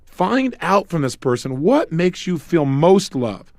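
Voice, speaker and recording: A man's voice: on the high side, very animated, slow, dry recording, studio quality. A middle-aged man giving a motivational self-help lecture, emphatic, asking rhetorical questions and acting out bits of dialogue.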